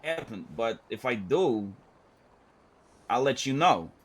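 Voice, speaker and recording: A man's voice: mid-range voice, takes it slowly, breathy edge. A man playing a character in an online roleplay game, telling a wild story with lots of swearing and acted-out quotes. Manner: animated, profane storyteller who acts out quotes.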